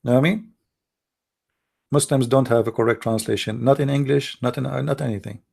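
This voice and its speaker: A man's voice: mid-range voice, fairly even intonation, fairly quick, gravelly, a little mellow, husky. A man hosting a call-in show, lecturing in a scornful, heated way and repeating himself, in non-native English. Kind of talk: heated monologue.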